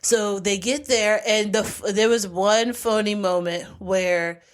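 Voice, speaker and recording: A woman's voice: medium pitch, measured pace. A woman podcast host in casual chat, retelling a TV episode and acting out the characters' lines as she goes. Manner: lively storyteller who acts out the characters' quoted lines.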